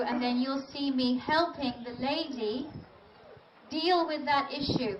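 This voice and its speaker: High-voiced woman lecturing in an echoey hall. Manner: chatty, direct, emphatic. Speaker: dog trainer giving a lecture. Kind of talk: live lecture to an audience. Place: large event venue. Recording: roomy, distant, dull audio with faint noise.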